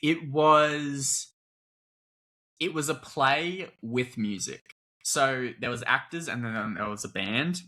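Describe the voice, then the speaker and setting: A young Australian man and actor, chatting casually in an interview, easygoing and quick to laugh. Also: medium pitch, pushed and bright. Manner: laughs often, easygoing, rambles. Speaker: actor, guest.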